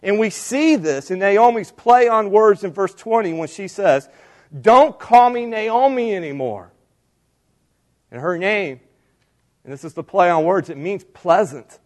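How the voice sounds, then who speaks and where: A man's voice: high-pitched, moderate pace. A man preaching a sermon, speaking straight to his congregation and building emphasis on key lines. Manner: preaching with rising emphasis and direct appeals. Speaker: pastor.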